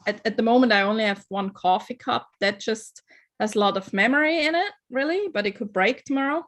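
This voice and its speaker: A woman's voice: fairly high pitch, fairly bright tone. A woman chatting on a casual group video call, laughing at herself as she tells stories. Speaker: call participant.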